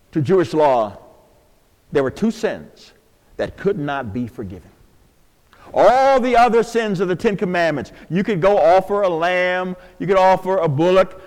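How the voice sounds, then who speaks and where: Older man preaching in a big echoing hall. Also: high-pitched. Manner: preacher swinging from hushed to loud calls. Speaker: pastor. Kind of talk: sermon. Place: church sanctuary. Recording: long hall reverb.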